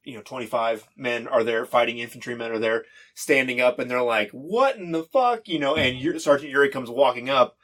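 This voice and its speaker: A man running a tabletop role-playing game as game master, narrating in a halting, laughing way and briefly acting out side characters. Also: mid-range voice, fairly even intonation, fairly bright tone. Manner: halting, laughing, acts out soldiers' lines.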